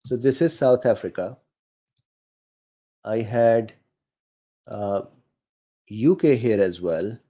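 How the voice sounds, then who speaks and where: Middle-aged male host, non-native accent, relaxed mellow delivery, casual live Q&A reading viewer chat. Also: on the low side, slow, long pauses. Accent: non-native English accent. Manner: reads chat questions aloud, frequent fillers, chuckles. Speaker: host answering viewer questions.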